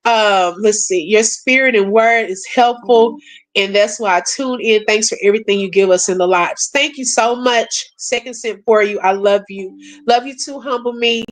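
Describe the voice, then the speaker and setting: Bright-voiced, high-pitched woman hosting a live chat. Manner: emotional, prayerful, reads and answers chat messages; animated, laughs often, calls viewers sis and y'all. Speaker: livestream host. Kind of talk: casual live chat with viewers.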